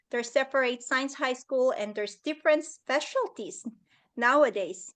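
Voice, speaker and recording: Over a video call, a woman with a high, slightly bright voice appears as a guest at a leadership summit. She shares a personal story in an earnest, heartfelt manner.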